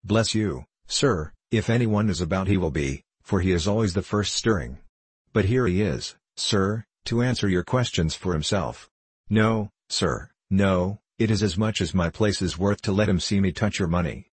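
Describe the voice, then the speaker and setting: A man's voice: low-pitched, normal speed, breathy edge, no echo. A man voicing a curt male stable groom in an audiobook reading, speaking in a dismissive manner.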